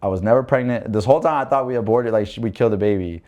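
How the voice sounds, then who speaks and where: A man's voice: lowish voice, very fast, muffled recording. A young man, a podcast guest telling a personal story casually, with lots of fillers and acted-out quotes. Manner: animated storytelling, acting out quoted voices, many fillers.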